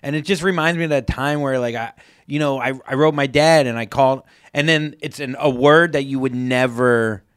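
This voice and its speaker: A man's voice: medium pitch, normal speed, smooth, no room sound, studio quality. A man co-hosting a podcast, riffing on joke ideas in a loose, casual chat. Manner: relaxed, riffs on jokes with fillers. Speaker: podcast co-host.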